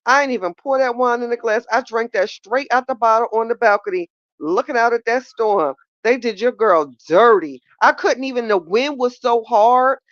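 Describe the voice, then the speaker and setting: A woman's voice: fairly high pitch, normal speed, hardly any pauses, dry recording, highs cut off. A woman hosting a live call-in chat, talking casually and giggling with her listeners, calling them child and baby.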